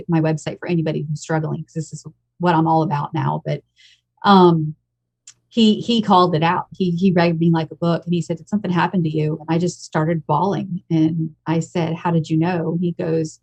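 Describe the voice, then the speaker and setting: Frank, emotional woman in her fifties, low-pitched. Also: a little mellow, muffled recording. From United States. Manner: frank and emotional, blunt with occasional swearing. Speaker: podcast guest. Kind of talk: candid personal storytelling.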